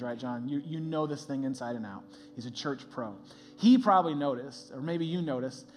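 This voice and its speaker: Animated male pastor with a higher voice. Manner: animated, conversational, laughs often. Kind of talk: sermon.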